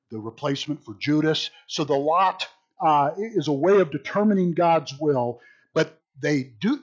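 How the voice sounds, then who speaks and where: A man teaching an informal Bible study in an animated, joking way, often repeating words as he thinks. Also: a little high, dull audio.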